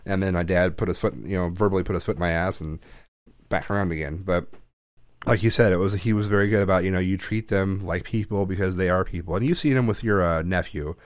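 A man in casual chat, telling a personal story with lots of restarts and swearing, getting loud and animated when he quotes his dad. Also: deep voice, fast, no room sound.

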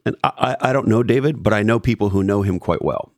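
A man hosting a business discussion, laying out his argument emphatically with deliberate pauses. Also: lowish voice, no echo, clean studio sound. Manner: emphatic, thesis-driven explaining with pauses. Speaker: host. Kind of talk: conversational business talk.

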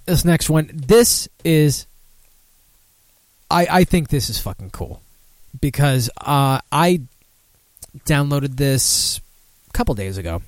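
Swearing, rambling podcast host. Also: male voice, on the high side, animated, takes it slowly, long pauses, no echo. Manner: rambling, profane, self-mocking, laughs often. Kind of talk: casual live-stream chat.

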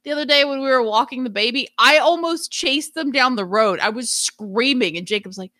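A woman's voice: high voice, brisk, pushed and bright, no echo, clean studio sound. A woman co-hosting a live stream in casual chat, blunt and brash, swearing freely and mimicking people. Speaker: streamer co-host.

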